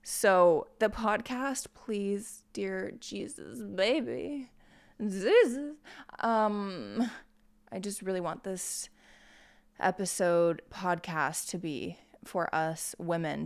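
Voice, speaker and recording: A woman's voice: lowish voice, smooth. A young adult woman hosting a solo podcast, rambling and swearing freely while mocking herself. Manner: rambling, profane, self-mocking. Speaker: podcast host. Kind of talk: casual solo podcast monologue.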